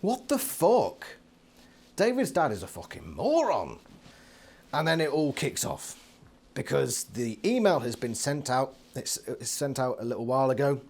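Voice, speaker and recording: A British man giving a casual, sarcastic book review from his living room, swearing freely and laughing often. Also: mid-range voice.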